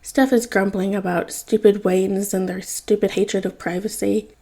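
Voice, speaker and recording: A woman reading a fanfiction audiobook in an even, wry narrating manner. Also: medium pitch, normal speed. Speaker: podfic reader.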